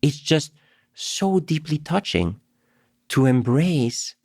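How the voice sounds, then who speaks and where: With a voice on the high side, a little mellow and slightly breathy, a middle-aged Greek professor speaks slowly yet animatedly as a podcast interview guest. He tells stories, laughs often, and repeats words as he starts, all in studio quality with no room sound.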